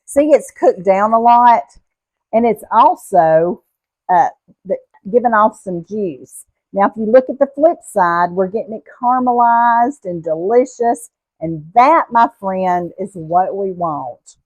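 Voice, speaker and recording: A woman's voice: medium pitch, animated, unhurried, a little mellow, dry recording, muffled recording. Chatty Southern woman cooking. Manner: homey, chatty, addresses viewers as y'all. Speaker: cooking show host. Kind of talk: casual cooking vlog.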